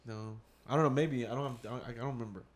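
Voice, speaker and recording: A man telling a casual story to his partner, rambling and full of "I was like." He acts out his past thoughts in his own plain voice, with a pitch that sits in the middle for a man. He swears now and then. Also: fast talker, a crowd in the background. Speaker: father.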